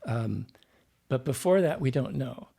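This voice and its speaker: A man working as a dialect coach and actor, a podcast guest who explains speech habits and drops into quick vocal demonstrations. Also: medium pitch, lively intonation, gravelly, warm tone, husky.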